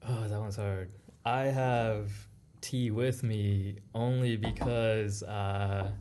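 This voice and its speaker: A man's voice: fairly low pitch, fairly even intonation, slow, warm tone, a little hiss or hum. A man guesting on a casual interview podcast, easygoing and laughing often. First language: Vietnamese heritage speaker. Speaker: guest, college outreach director.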